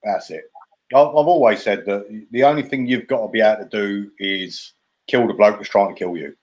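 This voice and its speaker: A man's voice: on the low side, normal speed. A man hosting a casual chat, with jokey, blunt banter. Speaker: host.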